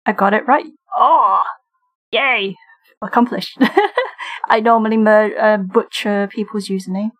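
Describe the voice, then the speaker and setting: A woman's voice: mid-range voice, steady tone, unhurried, pauses often, a bit bright. A British woman streamer chatting casually with her viewers while she draws, often breaking into giggles. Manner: giggly, talks while drawing and reading chat. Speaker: streamer and digital artist. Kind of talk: casual livestream chat.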